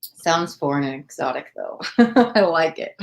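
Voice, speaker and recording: A woman's voice: sits low, animated, unhurried, gravelly. A woman from the United States hosting a livestream tarot reading, gushing with thanks and chatting casually with lots of "like" and "oh my God.".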